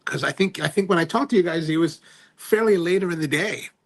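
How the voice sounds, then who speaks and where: Gravelly husky man rambling on a livestream. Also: on the high side, brisk. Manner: rambling, trails off and restarts. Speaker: livestream host. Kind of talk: casual chat, reading viewer comments aloud.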